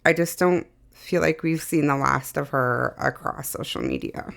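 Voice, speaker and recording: A woman's voice: low voice, huge pitch swings, a little slow, vocal fry, fairly bright tone. A woman hosting a reaction video, talking through her thoughts in casual commentary.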